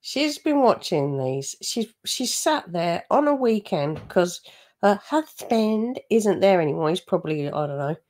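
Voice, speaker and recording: A woman's voice: medium pitch, big pitch swings, measured pace, a little mellow. A woman giving mocking, gossipy commentary over a video she is reacting to. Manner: sarcastic, gossipy asides.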